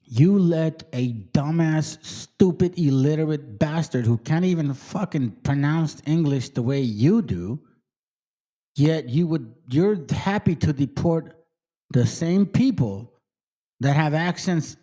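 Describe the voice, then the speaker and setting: A channel host with a high-ish, mellow voice speaks at a slow pace while delivering angry, profane, ranting commentary on videos he plays.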